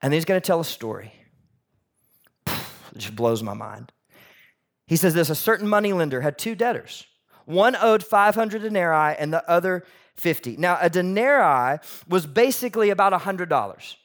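A man preaching a sermon in a conversational, animated way, asking the audience questions and swinging from loud emphasis to soft near-whispers. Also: high-pitched, normal speed. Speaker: pastor.

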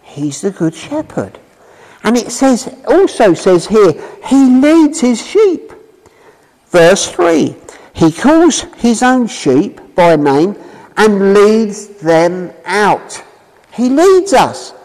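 A man preaching a sermon and telling his own story, emphatic, swinging from loud calls to low drawn-out words. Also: very animated, in a large hall, low-quality recording. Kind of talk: street preaching sermon with personal testimony.

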